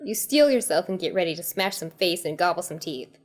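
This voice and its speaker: A woman's voice: on the low side, animated, brisk. A woman hosting and reading a choose-your-path horror comedy tale aloud, who often breaks into giggles as she reads. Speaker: storyteller host.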